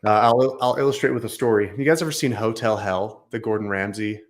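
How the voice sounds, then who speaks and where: A man's voice: fairly low pitch, steady tone, brisk. A man speaking as a guest on a business talk show, telling a story with emphatic repetition. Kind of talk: storytelling in conversation.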